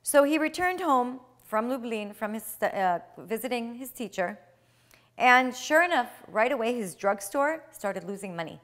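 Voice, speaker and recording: A woman retelling a traditional tale aloud, with swings in loudness and slowed, dramatic phrases. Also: on the high side, animated. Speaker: storyteller.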